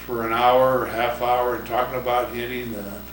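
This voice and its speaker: An older man and former ballplayer tells rambling stories in a casual interview, chuckling often and putting on other people's voices. He is heard from some distance in an echoey room, with clear background noise. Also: medium pitch, flat delivery, moderate pace. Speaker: retired baseball pitcher and coach. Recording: roomy, distant mic, noisy ambience.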